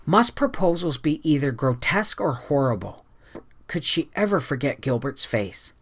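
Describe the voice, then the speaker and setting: An audiobook narrator reading a classic novel in a measured, expressive way, with a lively, animated rise and fall. The pitch sits in a middle range. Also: husky. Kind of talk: scripted narration.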